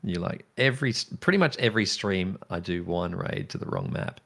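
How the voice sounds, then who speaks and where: A man's voice: sits low, sing-song, fairly quick, vocal fry, fairly bright tone. A man in his fifties, a game streamer, chatting casually in an easygoing way while laughing often and drifting into asides. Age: 50s. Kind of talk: casual gaming chat.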